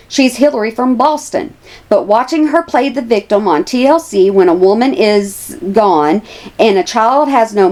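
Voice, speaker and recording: A woman's voice: on the high side, a little mellow. A woman, chatting casually to her viewers as a commentary vlogger, repeating herself for emphasis.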